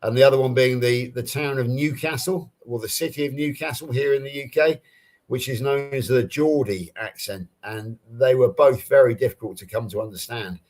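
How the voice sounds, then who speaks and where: A man's voice: mid-range voice, fairly even intonation, normal speed, darkish tone. An Englishman with a Southern English accent, chatting casually on a live stream video call and explaining things through personal anecdotes. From England. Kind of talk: casual chat.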